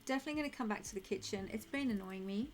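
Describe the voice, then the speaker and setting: A woman's voice: mid-range voice, very fast, faint music behind. A young woman streaming a game, chatting casually and thinking aloud while she answers her chat.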